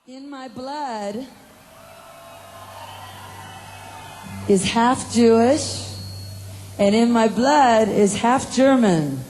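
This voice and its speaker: A woman giving a dramatic spoken performance, theatrical, wailing and shouting. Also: on the high side, lively intonation, slow, background noise. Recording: loud music behind, distant roomy sound.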